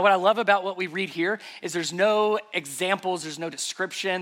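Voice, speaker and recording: During a church service, a pastor with a high-pitched, bright, forceful voice preaches to the congregation. His style is emphatic yet conversational.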